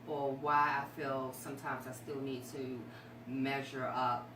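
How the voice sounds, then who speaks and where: With a very deep voice and a level tone, a woman guest on a talk show speaks a little slowly about her life, candid, emotional and somewhat rambling. A distant mic in an echoey room captures her on a noisy recording.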